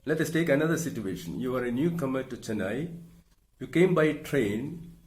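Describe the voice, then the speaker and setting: A middle-aged man, giving a recorded lecture in a slow, measured way and explaining through worked examples. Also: medium pitch, animated. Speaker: teacher.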